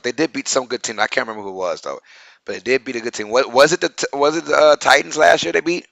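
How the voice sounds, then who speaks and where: A man's voice: mid-range voice, fast talker, vocal fry, fairly bright tone, dry recording. A young man with a Southern accent co-hosting a casual sports live stream, chatty and full of fillers as he reads viewer comments aloud. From Louisiana. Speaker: sports podcast co-host.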